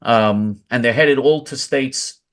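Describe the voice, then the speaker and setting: A man's voice: medium pitch, slow pace, a bit bright. A male host in casual political commentary, talking emphatically with short interjections.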